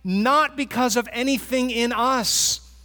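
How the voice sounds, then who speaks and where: High-voiced male pastor preaching in a reverberant hall. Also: bright, forceful tone. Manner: earnest, repeats for emphasis, with pauses and restarts. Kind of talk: sermon.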